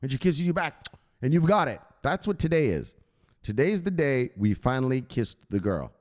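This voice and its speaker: A man hosting a crypto channel, chatting excitedly and profanely, who shouts out exclamations and then drops to low mutters. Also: moderate pace. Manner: swings between loud bursts and low mutters. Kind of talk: excited unscripted livestream chat.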